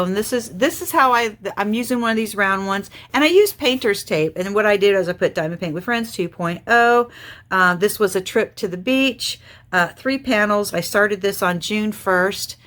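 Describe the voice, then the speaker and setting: A woman's voice: medium pitch, fairly bright tone, a little hiss or hum. A middle-aged woman hosting a crafting channel, chatting casually and rambling as she thinks aloud while she works on a diamond painting.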